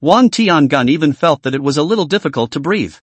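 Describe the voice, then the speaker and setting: A man reads out a comic recap as scripted narration, briskly telling the story. His voice sits a little high and rises and falls a great deal. The recording is close and dry. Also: lively intonation, breathy edge, dry recording.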